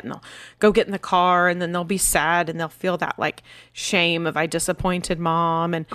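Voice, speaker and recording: An earnest woman in her thirties talks through parenting stories in a relaxed podcast chat, now and then acting out her kids' voices. Her voice sits a little low for a woman, and the recording is dry and close with no room sound. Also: no echo. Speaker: podcast co-host. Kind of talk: casual parenting discussion.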